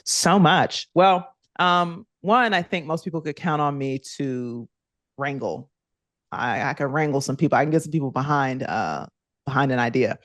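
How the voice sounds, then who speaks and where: A woman in her thirties, a former athlete, telling lively stories as a podcast guest and acting out quoted kids in higher voices. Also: normal speed, no room sound, clean studio sound. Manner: animated, acts out quoted kids in higher voices, laughs often. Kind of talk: conversational storytelling interview.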